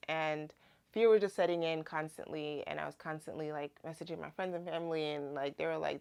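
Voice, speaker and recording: Brief: young woman, lowish voice, casual animated testimony vlog. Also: brisk, vocal fry, clean tone. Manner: chatty, animated retelling with many "like"s. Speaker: Christian vlogger.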